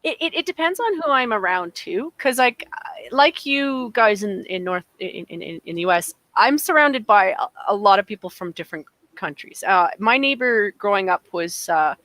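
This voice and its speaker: A woman's voice: mid-range voice, lively intonation, moderate pace, a bit bright, dry recording, poor audio. A Canadian woman from Alberta, co-hosting a casual podcast chat, chatty, laughing often and repeating words as she goes. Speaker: podcast co-host.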